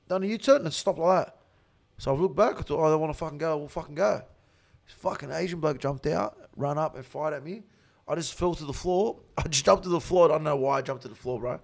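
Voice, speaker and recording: A high-pitched man with an Australian accent, his voice rough and gravelly. He tells his story casually and swears constantly, getting loud and laughing as he goes. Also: quick pace. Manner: gets loud and laughs while telling. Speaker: interview guest.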